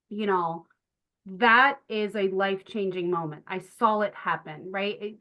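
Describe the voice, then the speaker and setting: Woman, middle-aged, nature educator, earnest, lively storyteller, average pitch. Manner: animated, acts out the voices of children and teachers; earnest, many fillers and restarts. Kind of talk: storytelling in a conversational interview.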